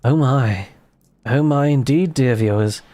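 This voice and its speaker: A man putting on a creepy, theatrical voice as he addresses his viewers with drawn-out words. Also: medium pitch, dark tone, lightly acted. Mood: gloating.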